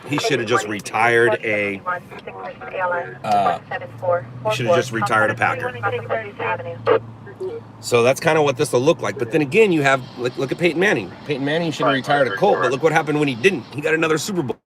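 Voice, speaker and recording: Middle-aged Southern Californian man, livestream host, measured near-monotone delivery with an average pitch, voices and chatter clearly heard behind him. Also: low-quality recording. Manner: slow, deliberate dictation-like delivery he calls monotone. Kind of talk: casual live chat reading viewer comments.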